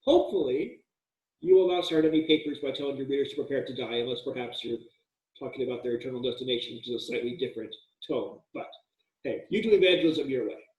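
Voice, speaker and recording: Joking casually through a lecture, a male college writing instructor uses frequent fillers and restarts. He speaks fast with a medium-pitched, slightly mellow voice, and the distant mic picks up an echoey room.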